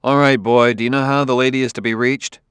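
A man's voice: mid-range voice, little pitch movement, fast, fairly bright tone, smooth, dry recording, studio quality, pitched above the performer's own voice, close to an everyday voice. A man voicing a blunt, impatient male detective who gives orders brusquely. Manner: brusque, commanding.

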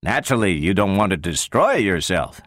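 A man reading the part of a brisk male scientist who questions a robot in a probing, sometimes sharp way. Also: low-pitched, sing-song, no echo, clean studio sound.

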